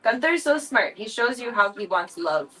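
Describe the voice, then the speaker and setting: A woman's voice: a little high, very animated, moderate pace, sharp tone, soft background music, rough recording. A woman livestreaming from home, chatting casually and cooing playfully at her cats in baby talk.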